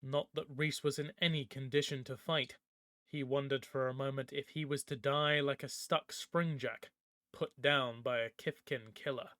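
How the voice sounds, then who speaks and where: A man narrating a fantasy audiobook in a steady storytelling manner. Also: medium pitch, moderate pace, no echo, clean studio sound.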